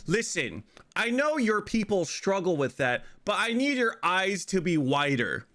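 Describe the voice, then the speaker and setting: A man performs a full character voice, pitched above his own, as a pushy middle-aged male photographer. The voice is high, fairly bright and sing-song, a little slow, barking insistent, clipped orders.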